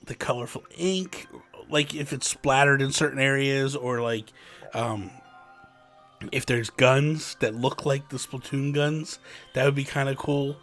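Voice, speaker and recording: A man co-hosting a casual gaming podcast, chatty and excitable, full of fillers. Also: mid-range voice, unhurried, faint music behind. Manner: chatty, excitable, many fillers like "like" and "you know". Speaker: podcast co-host.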